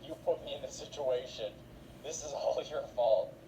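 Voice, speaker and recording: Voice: mid-range voice, moderate pace, dark tone, far from the mic, a little hiss or hum, natural voice, rough recording. A storyteller doing a sulky, dramatic teen boy. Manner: mopey complaining.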